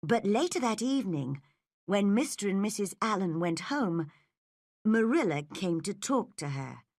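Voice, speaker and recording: Slow, expressive woman narrator. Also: mid-range voice, no echo, studio quality. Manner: careful, expressive storytelling. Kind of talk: slow, clear audiobook narration for learners.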